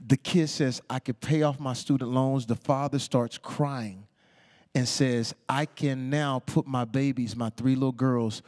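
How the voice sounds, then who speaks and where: A man telling animated stories as the guest of a live stage interview, acting out the people he quotes. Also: medium pitch, unhurried. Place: onstage talk before a live audience.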